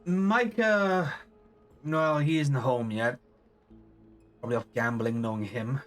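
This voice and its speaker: A man's voice: medium pitch, steady tone, slow pace, faint music behind, natural voice. A man voicing a dry, teasing young woman who talks matter-of-factly. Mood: wry.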